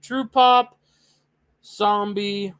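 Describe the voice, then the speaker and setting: A young adult streamer ranting excitedly and profanely in a casual live-stream reaction, with loud outbursts. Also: mid-range voice, very slow, smooth.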